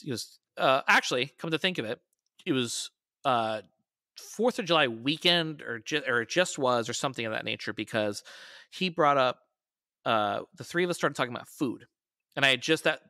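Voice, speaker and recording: Man, podcast guest, forceful bright tone, dry sound, casual storytelling. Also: mid-range voice, no room sound. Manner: storytelling, raises his voice to quote people.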